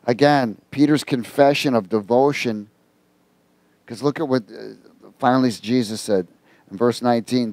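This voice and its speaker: A man's voice: medium pitch, moderate pace, a little mellow, no echo. A male pastor delivering a conversational sermon, reading scripture and quizzing his congregation.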